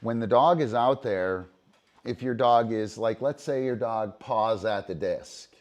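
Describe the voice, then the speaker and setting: A man's voice: medium pitch, unhurried, a little mellow, highs cut off, a little hiss or hum. A man hosting a dog-training livestream, explaining in a casual, profane way with lots of fillers and "right?" tag questions. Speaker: disc dog trainer and show host.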